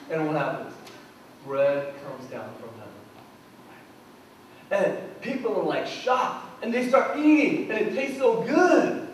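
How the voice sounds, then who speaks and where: A man preaching a sermon as pastor, conversational and animated, asking his congregation questions. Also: high voice, measured pace. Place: church sanctuary. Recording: roomy echo from a distant mic.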